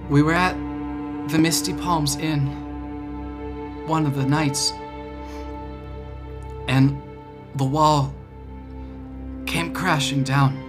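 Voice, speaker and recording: A man voicing a badly hurt, bandaged older man with a weak, raspy voice. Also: fairly high pitch, fairly even intonation, takes it slowly, pauses often, over loud music, pitched above the performer's own voice. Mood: frail.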